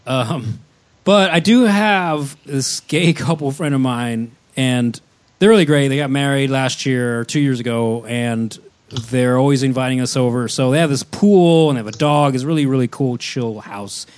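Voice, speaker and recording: A man's voice: medium pitch, normal speed. A man co-hosting a casual comedy podcast, telling crude stories and laughing as he goes. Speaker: podcast co-host.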